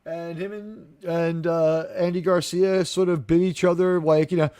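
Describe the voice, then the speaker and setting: Animated man hosting a live show chat. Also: fairly high pitch, unhurried, hardly any pauses, smooth, no room sound, clean studio sound. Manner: animated, acts out quotes in funny voices. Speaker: host of a TV review discussion. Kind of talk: casual chat, recapping an episode.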